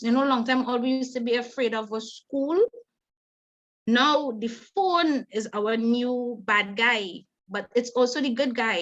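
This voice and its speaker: A middle-aged woman with a Trinidadian accent, giving a lively, fast conversational parenting talk as a webinar facilitator. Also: fairly high pitch. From Trinidad and Tobago. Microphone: video call. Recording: dull lo-fi webinar audio.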